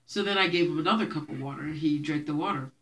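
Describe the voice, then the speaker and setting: A young vlogger with a deep voice talks quickly in a fairly bright tone, chatting with viewers and laughing often as she shares childhood stories. She grew up speaking Haitian Creole in a Haitian family in Brooklyn.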